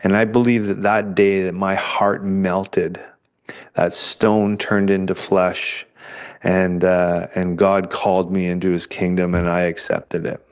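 A man's voice: deep voice, level tone, measured pace, smooth. A man in an interview, earnestly telling his personal faith story, often restarting and repeating words. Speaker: interview guest sharing his faith testimony.

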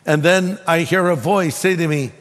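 A man preaching to a congregation in a fairly high voice that carries a long hall echo. He tells stories with animated swings in pitch and acts out the other person's lines. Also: moderate pace. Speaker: pastor. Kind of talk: sermon with storytelling.

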